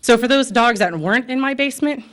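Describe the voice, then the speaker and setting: A woman's voice: a little high, quick pace, a bit bright. An American woman and pet store owner speaking at a city commission meeting, impassioned and emotional, with frequent fillers. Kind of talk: public comment at a city meeting.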